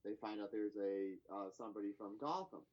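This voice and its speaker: A man's voice: on the low side, a little fast, darkish tone, lo-fi sound. A man in casual chat, recapping a TV episode in a rambling way with lots of fillers and restarts.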